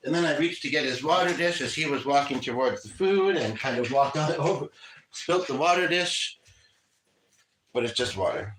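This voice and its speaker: A man's voice: on the high side, expressive, moderate pace, noisy background. Rambling man chatting on a livestream. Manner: rambling, conversational, frequent fillers. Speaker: livestream host. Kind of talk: casual live chat.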